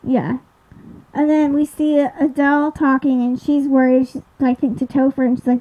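A woman's voice: high voice, level tone, moderate pace. A young woman casually recapping a TV episode with lots of fillers, sometimes losing track of her notes. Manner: rambling, many fillers, loses track of notes. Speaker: podcast host recapping a TV episode. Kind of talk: casual chat. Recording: dull lo-fi recording.

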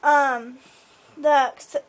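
A woman's voice: high voice, steady tone, extremely slow. A woman casually recapping a TV episode, chatty and full of fillers like "like" and "um". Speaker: show recapper.

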